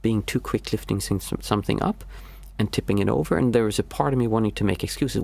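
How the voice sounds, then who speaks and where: A fast-talking man with a fairly low, darkish voice and vocal fry barely pauses as he speaks. He's a meditation teacher, young adult to middle-aged with small children, delivering casual, reflective teaching on a livestream while feeling his way toward the right phrasing.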